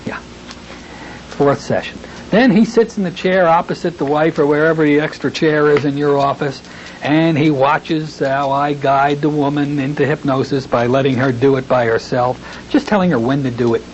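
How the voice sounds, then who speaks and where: A man teaching hypnotherapy in a recorded training lecture, talking in a folksy way and slowing into a soothing tone when he demonstrates suggestions. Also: on the high side, steady tone. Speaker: hypnotherapy instructor. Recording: dull lo-fi tape with faint hiss.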